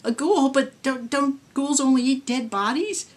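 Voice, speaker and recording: A woman's voice: lowish voice, normal speed, close to an everyday voice. A woman reading the part of a smug, teasing young man who plays a prank. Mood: panicked.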